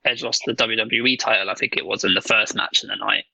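Gravelly, bright-voiced male podcast co-host. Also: fairly low pitch, steady tone, fast, no echo, highs cut off. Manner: rambling, swears casually, frequent ums and laughs. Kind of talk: casual chat.

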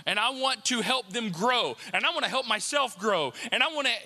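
Bright-voiced preacher man in a reverberant hall. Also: very high voice, lively intonation, fairly quick. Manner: conversational preaching, repeats rhetorical questions. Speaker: pastor. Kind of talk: sermon.

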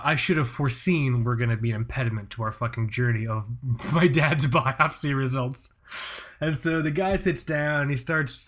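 A man's voice: mid-range voice, fairly bright tone. Profane rambling man telling stories. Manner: profane, rambling, laughs often. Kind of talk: casual comedic storytelling.

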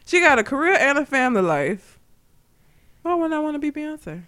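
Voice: sits high, very animated, moderate pace, sharp tone. A co-host in casual chat, talking bluntly with lots of swearing and frequent laughs. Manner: blunt, profane, laughs often.

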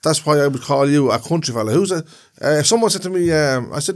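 A man's voice: fairly high pitch, a little fast, hardly any pauses. An Irish man co-hosting a podcast, explaining things in a rambling way and repeating himself. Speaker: podcast co-host. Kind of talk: casual chat.

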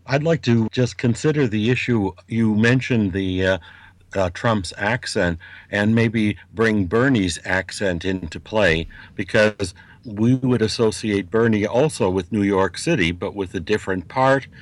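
A man's voice: on the low side, unhurried, no echo. A man on an academic panel, asking a thoughtful question with some hesitation.

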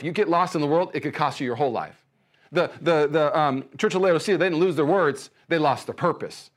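Man, pastor, sermon, fairly high voice, animated storytelling, soft hushed prayer. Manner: animated storytelling, acts out his own quoted thoughts.

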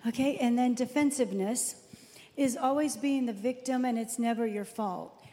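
A woman's voice: fairly high pitch, dark tone, long reverb tail. A woman in her fifties co-hosting a faith-based talk, chatty and storytelling. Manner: chatty, storytelling, quick to laugh. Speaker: co-host.

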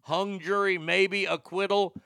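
An older man rants through sarcastic, profane commentary in a gravelly, smooth voice. His tone is bright and somewhat high, and the sound is dry and close. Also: level tone, unhurried, no room sound. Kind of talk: ranting political commentary.

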